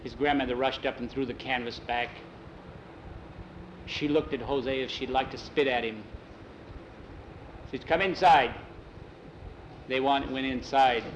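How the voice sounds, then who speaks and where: A man tells a story aloud from memory, steady and unhurried, with an ordinary voice. He keeps tagging lines with "he says" and sometimes trips over a word and starts again. The recording sounds a little dull, with a faint hum of air conditioning behind him. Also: mid-range voice. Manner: plain, unhurried telling with many "he says" tags and small restarts. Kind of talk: oral storytelling, told from memory.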